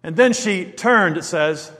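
Man preaching, high voice, animated, rhetorical questions, long hall reverb. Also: unhurried. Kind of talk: sermon.

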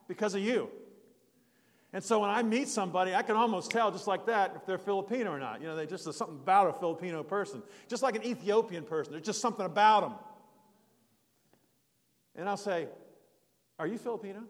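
A man's voice: high-pitched, fairly quick, long pauses, long reverb tail. An older man preaching a sermon in a folksy, rambling storytelling way, with restarts and asides. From United States.

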